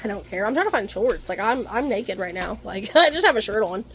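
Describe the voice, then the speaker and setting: A woman vlogs at home indoors, ranting casually to the camera in a rambling, profane way and laughing between thoughts. Her medium-pitched voice is a bit bright with lively intonation and a fairly quick pace, and there's a little hiss or hum.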